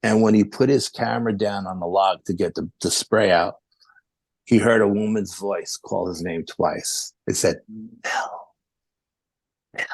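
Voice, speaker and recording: A man, a podcast guest telling a rambling, animated story full of quoted dialogue. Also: lowish voice, normal speed, creaky, no room sound. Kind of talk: casual storytelling.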